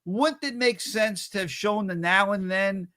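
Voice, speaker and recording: A man's voice: high-pitched, a little slow, pushed and bright. A man in a casual podcast chat, talking in an opinionated, emphatic way.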